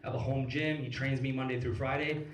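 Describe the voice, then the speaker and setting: A man's voice: medium pitch, level tone, fairly quick. Guy in his 30s doing a motivational stage talk, loose and sweary, lots of "like", sounds distant in a big echoey room. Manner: casual storytelling with many fillers and swearing. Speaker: speaker at a business event. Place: event hall. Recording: echoey hall recorded from far off.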